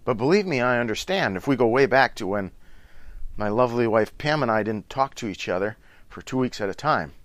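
A man's voice: medium pitch, animated, a little fast, no echo. A middle-aged man giving an earnest, instructive talk on relationships, coaching his listeners. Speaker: relationship speaker.

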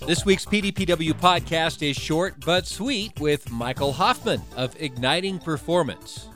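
A man hosting a podcast, reading a scripted introduction in a smooth announcer delivery. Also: a little high, unhurried, fairly bright tone. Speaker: podcast host. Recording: announcer over music bed. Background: music.

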